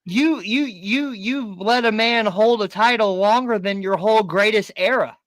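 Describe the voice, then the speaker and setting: A man co-hosting a live wrestling podcast, excitable and profane, often stumbling and repeating his words. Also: high voice, measured pace, no echo. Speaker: podcast co-host. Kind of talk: casual wrestling chat.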